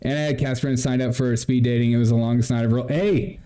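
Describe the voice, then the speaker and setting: A man's voice: medium pitch, little pitch movement, rapid-fire, dark tone. A man hosting a comedy livestream, talking to viewers in a mocking, laughing, chatty way. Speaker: livestream host. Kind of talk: sarcastic comedy livestream commentary.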